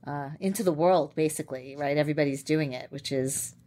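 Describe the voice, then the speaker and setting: A woman co-hosting a podcast, chatty and quick to laugh as she asks the guest questions. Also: low-pitched, dark tone. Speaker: podcast co-host. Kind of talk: casual interview chat.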